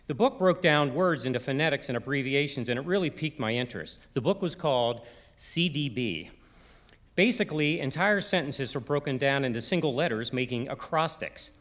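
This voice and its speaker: A man's voice: medium pitch, expressive, fairly quick, a bit bright. A middle-aged man from Maryland with a Baltimore accent, giving a humorous timed stage talk and imitating other people's voices. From Maryland, USA. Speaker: presentation speaker. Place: arts center stage before a live audience.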